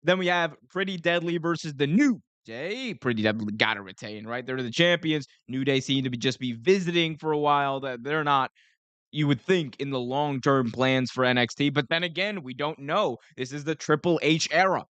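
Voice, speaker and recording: Young man, live stream host, energetic and rambling, smooth clear voice, dry close sound. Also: a little high, moderate pace, dry recording. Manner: energetic and rambling, self-correcting.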